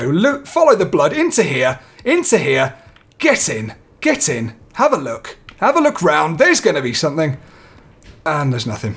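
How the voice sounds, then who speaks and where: Jittery gamer talking to himself. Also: male voice, fairly high pitch, huge pitch swings, normal speed, a bit bright. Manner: jittery, talks himself through fear, swears. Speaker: let's play gamer. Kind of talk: horror game commentary.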